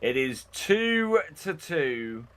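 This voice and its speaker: A man doing live esports commentary on a farming game, animated and quick to laugh. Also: on the high side. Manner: animated, laughs often, drawn-out phrasing.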